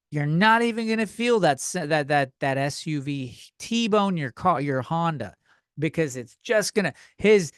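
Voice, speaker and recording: A man's voice: a little high, no echo. Profane ranting man, dry close mic. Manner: profane, heated, exaggerated ranting. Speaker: podcast host. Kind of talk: comedic rant.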